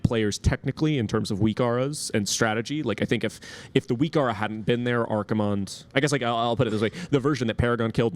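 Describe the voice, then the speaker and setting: A man co-hosting a casual gaming talk show, speaking in long, analytical runs full of restarts and fillers. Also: lowish voice. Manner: rambling, many restarts and fillers. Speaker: podcast co-host.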